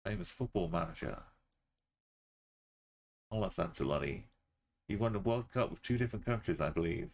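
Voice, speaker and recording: A man's voice: low voice, expressive, normal speed, long pauses, darkish tone. A man streaming a geography game, muttering and thinking aloud in casual commentary, sometimes humming to himself.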